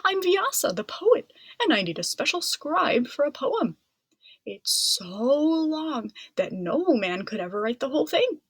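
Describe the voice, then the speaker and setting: A woman's voice: high-pitched, very animated, unhurried, no room sound, studio quality, voice pushed up, heavily acted. A woman voicing an old male poet in a children's storybook read-aloud, earnest and kindly.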